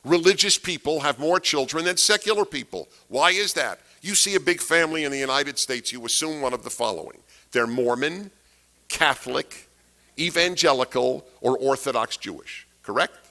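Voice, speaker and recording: Man, lecture delivery, bright forceful tone, hammers points by repetition, rhetorical questions. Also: a little high, normal speed. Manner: emphatic, repeats key phrases, asks rhetorical questions. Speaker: speaker giving a talk. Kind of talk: political lecture to an audience.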